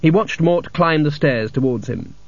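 A man narrating a comic fantasy novel as an audiobook in a dry, measured storytelling manner. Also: on the high side, animated, creaky, no echo. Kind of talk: scripted narration. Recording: dull lo-fi audiobook recording.

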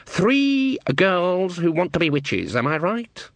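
A man's voice: high voice, sing-song, slow pace, dry recording, pitched above the performer's own voice, heavily acted. Man putting on a stern old witch, Granny Weatherwax. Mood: scornful. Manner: scornful, bossy, mocking. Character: stern old witch woman, sharp-tongued.

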